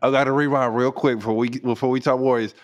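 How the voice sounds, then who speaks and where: Eager podcast host, mid-pitched man. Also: fairly even intonation, muffled recording. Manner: eager, reacts with quick interjections. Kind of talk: casual podcast interview.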